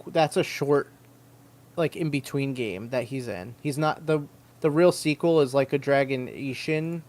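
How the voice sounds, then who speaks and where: A man's voice: mid-range voice, unhurried, a little mellow. A man co-hosting a casual gaming livestream, rambling and hesitant as he works out what he means. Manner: hesitant, rambling, full of restarts. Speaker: podcast co-host.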